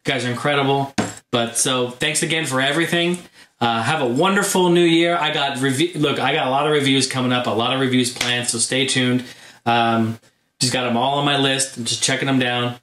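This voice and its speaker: A man hosting his gaming channel, telling a story in a casual vlog monologue, animated and full of fillers. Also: mid-range voice, fairly quick, a little hiss or hum. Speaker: YouTube gaming channel host. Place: home room. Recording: roomy echo.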